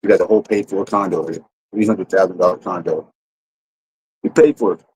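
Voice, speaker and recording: A man's voice: deep voice, fairly even intonation, fairly quick, a little mellow, breathy edge, no echo, rough recording. A man telling a rambling, profane story to his livestream audience in a casual way, full of restarts. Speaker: streamer.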